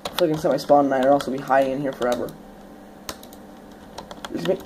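A woman's voice: extremely low pitch, quick pace, background noise. A young woman hosting a gameplay video, chatting casually as she plays, swearing now and then and bursting into sudden shrieks when startled. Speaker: let's play host.

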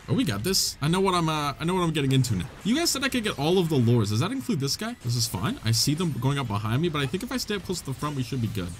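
A young man giving excitable let's play commentary, laughing, swearing and reading the dialogue aloud. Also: on the high side, a little hiss or hum. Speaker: gaming YouTuber. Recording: faint game music behind. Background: faint game music.

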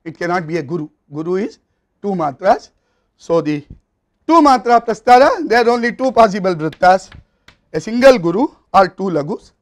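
A man with an Indian English accent giving a university lecture, explaining step by step in a measured way with occasional fillers and restarts. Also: sits high, lively intonation. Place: recording studio or classroom.

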